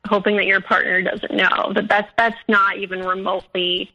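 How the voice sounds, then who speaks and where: A woman's voice: medium pitch, level tone, moderate pace, pushed and bright. A woman telling her own story in casual conversation, acting out both sides of the arguments she quotes. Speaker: guest sharing her story. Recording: lo-fi call audio.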